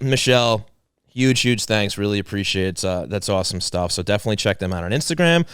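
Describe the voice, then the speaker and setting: A low, smooth-voiced man co-hosts a hockey podcast. He chats casually about the playoffs and turns animated and loud for sponsor reads. The sound is close and dry. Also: a little fast, dry recording. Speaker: podcast co-host. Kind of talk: casual hockey talk and live-read ads.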